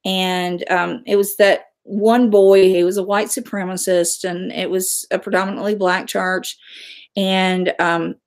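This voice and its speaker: A woman's voice: mid-range voice, flat delivery, measured pace, clean tone. A middle-aged woman, hosting a casual livestream, chatting and answering viewer comments. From West Virginia, USA. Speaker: livestream host.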